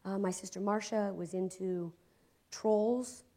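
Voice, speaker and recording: A woman from Ohio, a guest in casual conversation, telling stories with lively energy and frequent laughter. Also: medium pitch, slow, crowd noise. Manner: animated storyteller, voices quotes, laughs a lot. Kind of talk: casual chat, storytelling.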